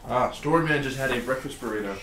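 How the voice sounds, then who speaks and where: A man's voice: medium pitch, quick pace. A young man co-hosting a casual live stream, joking around and reading chat aloud while painting. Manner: animated and jokey, reads chat aloud. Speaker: streamer co-host. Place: studio room being painted. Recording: roomy echo, faint noise.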